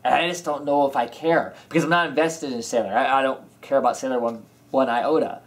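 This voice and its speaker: Male co-host, mid-pitch, unscripted and rambling, often trails off and restarts. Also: steady tone, a little fast. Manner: rambling, hesitant, with frequent restarts. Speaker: podcast co-host. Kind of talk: casual chat. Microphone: camera mic.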